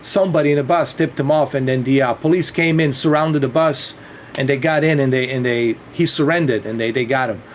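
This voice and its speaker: A man's voice: medium pitch, a little fast, a little hiss or hum. A man chatting casually on a livestream, rambling and swearing freely. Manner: rambling and profane, with frequent restarts and laughs.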